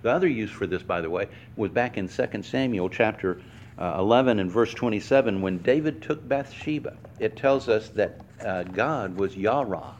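A man preaching a sermon to a congregation, explaining word meanings slowly and stressing each word. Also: lo-fi sound, a little hiss or hum. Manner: animated, acts out quoted lines with pitch swings. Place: church hall before a congregation.

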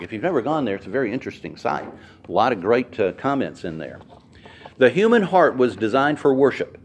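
A man preaching a sermon with a highly animated delivery, his pitch rising and falling widely. He leans hard on repeated phrases and draws out words for emphasis. His voice sits in a middling register.

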